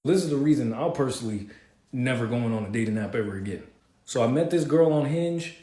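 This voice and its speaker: A man's voice: medium pitch, lively intonation, a little fast, mellow. A young man telling a dating-app story to camera in a wry, candid way. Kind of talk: casual storytime vlog. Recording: echoey room.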